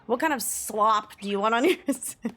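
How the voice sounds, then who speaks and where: A woman's voice: fairly high pitch, normal speed, pushed and bright, soft background music. A young woman streamer in casual live-stream chat, musing aloud and reading search results. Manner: chatty and musing, reads search results aloud with frequent laughs.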